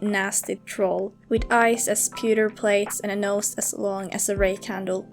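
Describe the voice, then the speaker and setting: A young woman, chatting casually about a game build and reading a fairytale, laughing easily. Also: medium pitch. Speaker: game building video creator. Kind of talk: casual narration and storybook reading.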